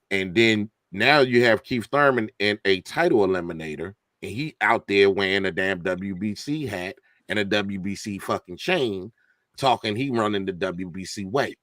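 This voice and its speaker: A man co-hosting a casual boxing podcast, talking emphatically and getting louder as he makes his point. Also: on the low side, no echo, clean studio sound. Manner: animated, emphatic, rising to a shout when excited. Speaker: podcast co-host.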